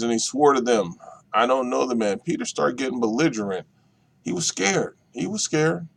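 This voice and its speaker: Brief: male minister at a Bible study, reading a passage then unpacking it, measured and repetitive. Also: medium pitch, gravelly. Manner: slow, deliberate, repeats key phrases. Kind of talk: reading and explaining scripture.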